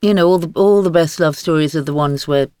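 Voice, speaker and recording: A woman in her sixties, a guest author in a podcast interview, telling stories in a wry, lively way with frequent laughs. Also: low voice, brisk, clear, resonant tone, no echo, clean studio sound.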